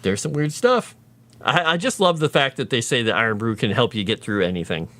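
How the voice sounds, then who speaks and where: A man's voice: mid-range voice, lively intonation, a little fast, pushed and bright. A man casually chatting with his livestream viewers, rambling through tangents while working on his lore writing.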